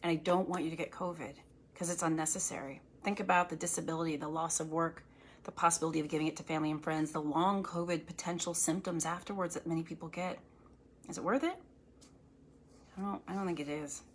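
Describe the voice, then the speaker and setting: A woman doctor talks straight to her livestream viewers in a somewhat low voice. She is earnest and encouraging, and now and then turns stern. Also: fairly even intonation, fast, slight background noise. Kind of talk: casual livestream chat.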